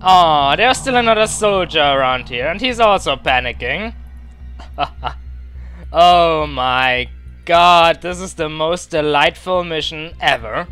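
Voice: medium pitch, animated, unhurried, fairly bright tone, soft background music. A let's play commentator giving casual, gleeful commentary with a scratchy throat, talking to the soldiers on screen. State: throat acting up, clearing it.

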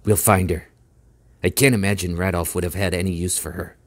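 A man's voice: low voice, fairly even intonation, fairly quick, no echo. A man reading an earnest, loyal young man. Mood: reassuring. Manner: earnest and reassuring. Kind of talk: audiobook character voice.

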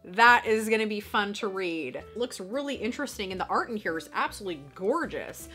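A young Canadian woman casually chatting as she opens fan mail from her collection channel, gushing and excitable. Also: mid-range voice, brisk, faint music behind. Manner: bubbly, gushing, squeals with excitement. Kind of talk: casual unboxing chat.

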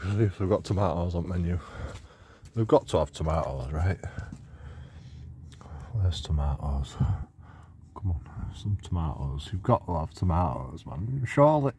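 A man's voice: low voice, a little mellow, slightly rough. A man, walking outdoors and giving mocking commentary to his phone camera while laughing at his own jokes. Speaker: vlogger. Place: outdoors on city streets.

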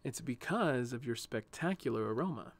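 A man voicing a cheerful, gentle male sunflower in a storybook, speaking softly and teasingly. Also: medium pitch, lively intonation, normal speed, dry recording. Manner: soft, warm and teasing. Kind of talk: storybook narration.

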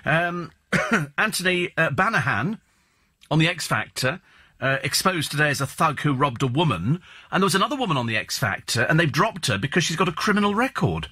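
With a fairly high, sing-song voice that's bright, forceful, and edged with breathiness, a radio host talks fairly quickly into a studio mic. He rambles through casual chat and celebrity gossip, offering opinionated, sardonic takes on the news.

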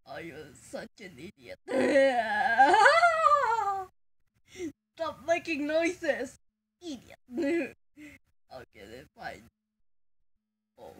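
A woman jokes around in playful reaction banter, teasing and swearing between giggles. Her voice sits high and swoops wildly up and down, and she takes her time with the words. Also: a bit bright. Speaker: fan video maker.

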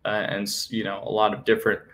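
A young man with a lowish voice hosts a solo sports podcast. He talks through team news in a loose, conversational way, full of fillers and self-corrections. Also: monotone, quick pace, a bit bright. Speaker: podcast host.

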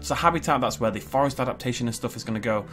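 A man's voice: medium pitch, rapid-fire. Chatty New gamer man. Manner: chatty and excitable, thinks aloud. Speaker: gaming YouTuber. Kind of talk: gameplay commentary.

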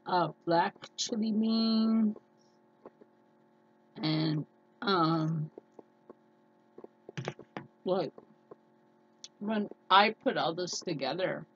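A woman's voice: fairly low pitch, dull audio. A woman chatting casually in a cooking vlog, her voice a little scratchy and nasal, rambling with lots of fillers. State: scratchy, slightly hoarse voice. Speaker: cooking vlogger.

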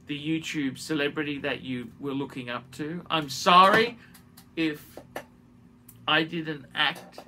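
Slow, bright-voiced man apologizing. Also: a little high. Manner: halting and repetitive, restarting phrases. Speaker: YouTuber making an apology video. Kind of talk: emotional direct-to-camera apology.

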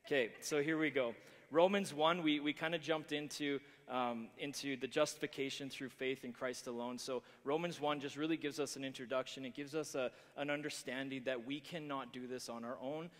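A man's voice: mid-range voice, steady tone, fairly quick, hardly any pauses, fairly bright tone, in a large hall. A man preaching a sermon, talking with many restarts and fillers.

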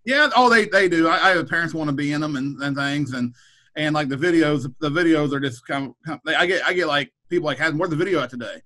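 A man's voice: fairly high pitch, quick pace, sharp tone, poor audio. A man, a middle school principal, chatting casually on a podcast, rambling with frequent repeated words and restarts. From Kansas.

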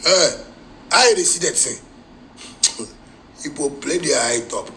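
Bright-voiced Ghanaian man ranting angrily. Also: a little high, animated, a little slow, a little hiss or hum, poor audio. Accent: Ghanaian Pidgin English. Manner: heated, mocking, insulting. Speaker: musician. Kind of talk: live-stream rant.

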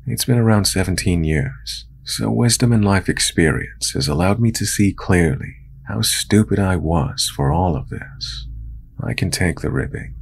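A man with a very deep, gravelly voice narrates a true horror story in calm, measured tones. A faint hiss of background noise sits beneath the reading.

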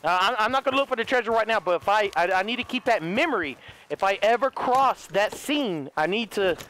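A hoarse man giving excitable, casual let's-play commentary, cursing freely and chatting to his horse. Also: high voice, brisk, a little hiss or hum. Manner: excitable, swears often, talks to his horse. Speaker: gaming video host.

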